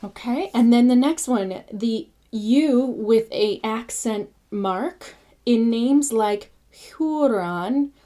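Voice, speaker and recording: A woman giving a casual pronunciation lesson, patiently repeating each sound slowly. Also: a little high, dark tone. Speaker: language teacher.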